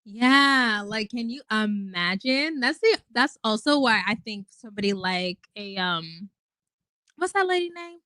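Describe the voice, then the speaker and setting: A woman's voice: on the high side, lively intonation, measured pace, bright, forceful tone, dry recording. A woman in her twenties hosting a casual livestream, chatting in a rambling way with lots of fillers and swearing. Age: 20s. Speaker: host.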